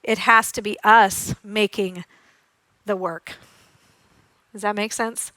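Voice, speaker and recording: Woman, conference talk, energetic and playful, acts out sounds, dry close sound. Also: medium pitch, slow, no echo. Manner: energetic and demonstrative, acting out sounds and voices; giggles often while teaching. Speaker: occupational therapist giving a conference talk. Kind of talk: live conference presentation.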